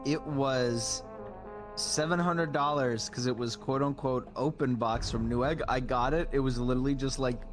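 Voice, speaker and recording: A man chatting casually on a call with a streamer, relaxed and excited about gadgets. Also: medium pitch, normal speed, over music. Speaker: friend on call. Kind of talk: casual chat.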